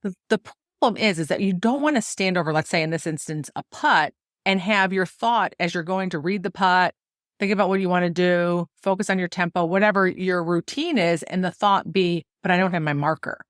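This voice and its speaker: Lively storytelling woman, lowish voice. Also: brisk, no room sound, clean studio sound. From United States. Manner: animated storytelling, laughs often. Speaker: podcast host and golf coach. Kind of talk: solo podcast talk.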